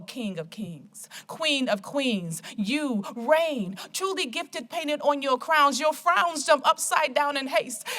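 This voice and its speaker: Woman spoken word poet, high and bright, rhythmic and rousing, live in an auditorium. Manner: rhythmic, rousing, call-and-response. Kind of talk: spoken word poetry performance.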